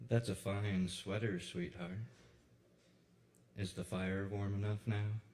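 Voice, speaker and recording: Male poet at an open mic, lower voice, deliberate pauses, unhurried reading. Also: little pitch movement, darkish tone, a little hiss or hum. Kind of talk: live poetry reading. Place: kava bar venue.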